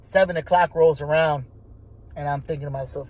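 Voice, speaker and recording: A man's voice: a little high, steady tone, brisk, darkish tone, poor audio. Profane man telling a story. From Texas. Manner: profane, rambling, many restarts. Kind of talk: casual spoken storytelling.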